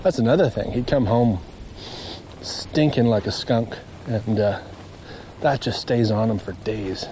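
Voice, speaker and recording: A man's voice: fairly low pitch, unhurried, warm tone, a little hiss or hum. A man talking to himself on a walk through a marsh, rambling casually and chuckling at his own stories, recorded outdoors while he walks. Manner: meandering, chatty, self-amused. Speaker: nature walk vlogger.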